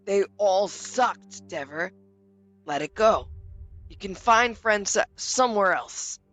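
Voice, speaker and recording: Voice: mid-range voice, animated, slow pace, fairly bright tone, no echo, faint music behind. A player in a tabletop game session, making joking asides in casual chat.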